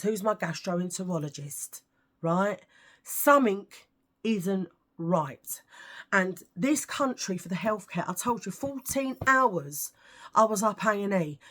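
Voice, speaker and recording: A woman's voice: medium pitch, a bit bright. A British woman vlogging, telling stories to camera in a chatty, ranting way with lots of asides. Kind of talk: casual storytelling to camera.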